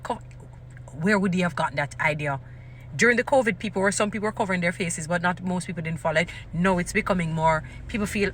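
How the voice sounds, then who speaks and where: A woman giving casual commentary, animated and emphatic, repeating phrases for stress. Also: lowish voice, fast talker, slight background noise.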